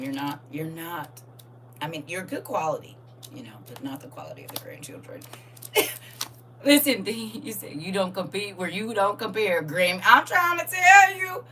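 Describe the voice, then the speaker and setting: An older woman, hosting a casual live chat, laughing and swinging between soft asides and loud high bursts. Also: recorded from a distance, slight background noise. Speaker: host reading viewer comments.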